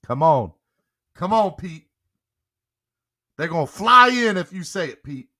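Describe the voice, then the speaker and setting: Young male podcast host, playful and coaxing, crisp bright tone, slightly high voice. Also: sing-song, a little slow. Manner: playful, coaxing, laughing often. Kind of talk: casual live-stream chat.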